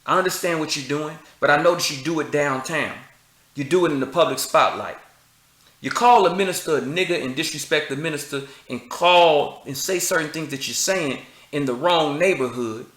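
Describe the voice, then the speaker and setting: A man's voice: a little high, normal speed, fairly bright tone, echoey room. A man, speaking preachy and confrontational, firing rhetorical questions and street slang. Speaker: commentator. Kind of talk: impassioned address to camera.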